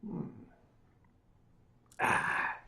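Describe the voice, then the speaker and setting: An older American man hosting a casual livestream, telling stories and answering viewer comments in a wry, unhurried way. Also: pushed and bright. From United States. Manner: wry, unhurried storytelling with sips and hums. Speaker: livestream host. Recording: roomy sound, voice a bit off-mic.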